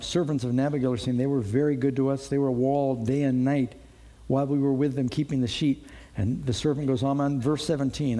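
A man's voice: medium pitch, mellow. A man preaching a sermon, reading Bible verses aloud and adding conversational asides to the congregation.

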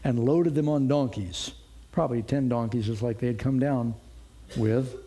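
Guy giving a sermon, kinda husky and dark sounding, reads verses then chats about them. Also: medium pitch, moderate pace. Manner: expository Bible teaching, reading verses aloud; conversational asides to the congregation. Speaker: preacher.

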